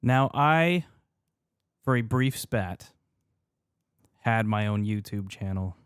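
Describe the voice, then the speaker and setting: A man co-hosting a podcast in casual chat, animated, laughing as he rants, fussy about pronunciation. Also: lowish voice, takes it slowly, clean tone, dry recording, clean studio sound. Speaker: podcast co-host.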